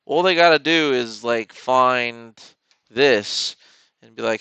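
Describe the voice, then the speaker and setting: Hosting a live stock trading stream, a man rambles and jokes in casual commentary, even talking to the chart. His mid-range voice is bright, forceful and clean, delivered slowly on a dry recording.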